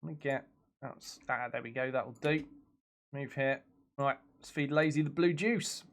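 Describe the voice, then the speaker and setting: A man's voice: mid-range voice, unhurried, a bit bright. A young man streaming a video game from his home computer, chatting casually, reacting aloud to the action and reading messages from his viewers. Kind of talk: casual live-stream commentary.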